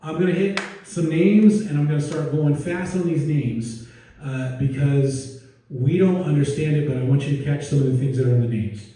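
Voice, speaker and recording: Casual pastor in a very echoey church. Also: male voice, a little high, moderate pace, dark tone. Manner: casual, digressive, with joking asides and restarts. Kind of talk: conversational sermon. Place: church sanctuary. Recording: very echoey room, distant mic.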